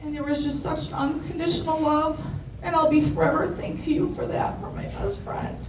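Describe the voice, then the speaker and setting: A woman from the Chicago area delivers a blunt, profane, joking eulogy for her best friend, and it's funny. Her voice is high-pitched and steady at a moderate pace, picked up by a distant mic in a roomy hall with a crowd and background noise.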